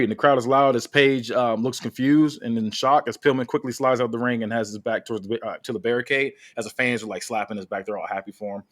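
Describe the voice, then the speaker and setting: A man hosting a podcast, casually reading out a wrestling story with many fillers. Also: medium pitch. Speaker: podcast host.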